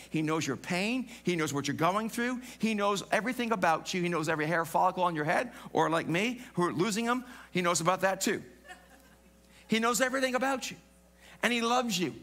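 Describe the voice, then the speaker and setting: In a church, a male pastor with a high voice preaches a sermon in an animated, conversational way, dropping in humorous asides.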